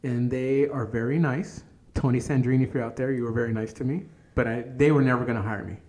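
A man's voice: mid-range voice, steady tone, fast, darkish tone. A man as a podcast guest, telling stories of his life in a laid-back, casual way, swearing freely and laughing at himself. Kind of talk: casual storytelling interview.

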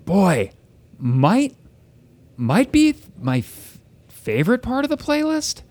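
A man's voice: high voice, wildly swooping pitch, takes it slowly, a little mellow. A man co-hosting a podcast in casual chat, loose and profane, often restarting his sentences. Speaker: podcast co-host.

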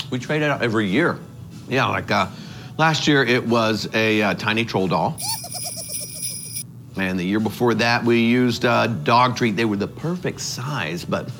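A man acting as a goofy, oblivious dad in a comedy sketch, talking in an excitable, rambling way. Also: fairly low pitch, a little slow, faint music behind. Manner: excitable, rambling, lively delivery.

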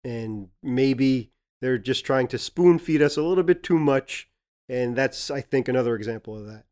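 A man co-hosting a casual podcast discussion, giving measured, agreeable replies. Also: mid-range voice, darkish tone. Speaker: podcast co-host.

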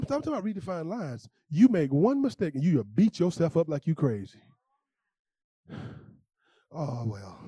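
A male pastor preaching a sermon in a lively, conversational way, repeating phrases and talking straight to the congregation. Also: fairly high pitch, breathy edge, no room sound. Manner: animated, conversational preaching with repetitions.

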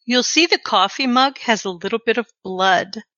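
A woman's voice: a little high, moderate pace, no echo, dull audio. Woman game master narrating scenes. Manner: descriptive, steady narration.

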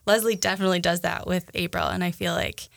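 A woman's voice: fairly low pitch, fairly even intonation, quick pace, gravelly, no room sound, clean studio sound. A young adult woman with a Minnesota accent, co-hosting a podcast in casual chat, talking loosely with many fillers and restarts. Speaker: podcast co-host.

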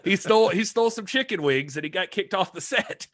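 A man's voice: high-pitched, a little fast, slight background noise. A man co-hosting a podcast, chatting casually and adding joking asides. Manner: animated, jokey, adds asides. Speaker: podcast co-host. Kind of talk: casual chat.

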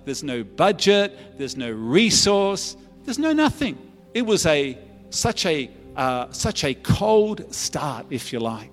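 A man's voice: fairly high pitch, big pitch swings, slow. A middle-aged Australian man, a pastor giving an earnest sermon testimony in a conversational storytelling way, often restarting his phrases. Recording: echoey church hall with faint music.

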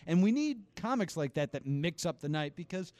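A man with a high voice hosts a podcast and chats easily with his guest, laughing often. His voice is recorded dry, with no room echo. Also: very animated, moderate pace, darkish tone. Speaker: podcast host. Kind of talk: casual interview.

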